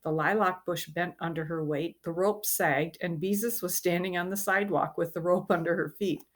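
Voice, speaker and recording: A woman reading a children's chapter book aloud, with a gentle manner and lively character voices. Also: lowish voice, moderate pace. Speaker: reader. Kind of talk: storybook read-aloud.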